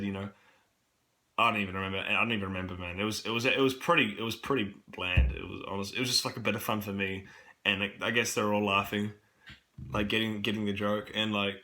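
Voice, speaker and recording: A man's voice: on the low side, bright, forceful tone. A young man with a New Zealand accent, rambling casually and swearing often in a vlog, with a cough from a cold. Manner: rambling, swears a lot, many fillers. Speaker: camp worker vlogging.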